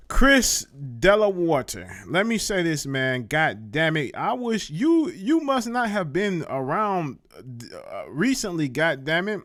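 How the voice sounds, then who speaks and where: A man hosts a casual live-stream show, talking in a profane and emphatic way and hammering points home by repeating words. His voice sits a bit high for a man and swings widely in pitch. The sound is dry and close. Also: huge pitch swings, slow, fairly bright tone, no echo.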